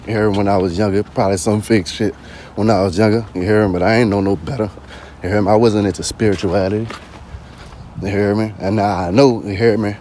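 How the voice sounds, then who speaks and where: A man's voice: lowish voice, steady tone, brisk, warm tone, a little hiss or hum. Slangy man talking outdoors. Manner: slangy, peppered with "you hear me". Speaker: vlogger. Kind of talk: casual spoken monologue.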